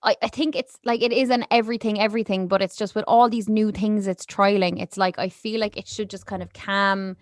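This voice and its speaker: A young Irish woman co-hosting a marketing podcast, chatting casually with many fillers and quick laughs. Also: mid-range voice, fairly even intonation, dry recording, studio quality. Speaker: podcast co-host. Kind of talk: casual chat. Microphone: podcast mic.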